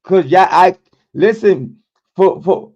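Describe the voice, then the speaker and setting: A high-pitched, darkish-toned man hosts a true crime livestream, ranting slowly but animatedly with profanity and confrontation. He repeats words and stumbles into stammering restarts, and the audio comes across dull and lo-fi.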